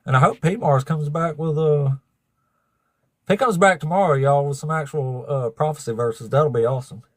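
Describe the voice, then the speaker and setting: A man's voice: a little high, moderate pace, no room sound. A man hosting a livestream of debates, chatting casually with viewers, swearing freely and laughing often. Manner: profane, laughing, talks to chat.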